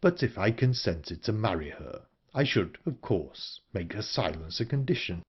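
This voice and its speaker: A man voicing a grave, reserved man in an audiobook, speaking low and slowly. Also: muffled recording, natural voice. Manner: low, slow, restrained. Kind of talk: audiobook character reading.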